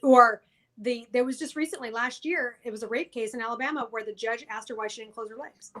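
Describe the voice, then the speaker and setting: Woman co-host, higher voice, casual podcast chat, blunt and profane. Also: fairly quick, a bit bright.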